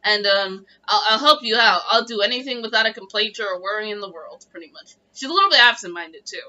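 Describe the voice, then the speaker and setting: A young woman chatting on a casual podcast with friends, earnest and quick to get teary. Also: medium pitch, lively intonation, bright, forceful tone, lo-fi sound. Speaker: podcast co-host. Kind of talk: casual chat among friends.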